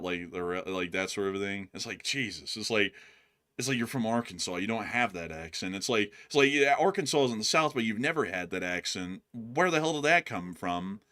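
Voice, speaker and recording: A young man co-hosting a live stream, giving casual, animated political commentary and speaking straight to viewers as "folks.". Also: fairly low pitch, clear, resonant tone.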